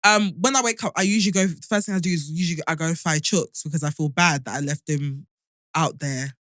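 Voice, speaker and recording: A woman, a podcast co-host, telling a story in an animated way and often laughing in casual chat. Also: low voice, fairly quick, dry recording, studio quality.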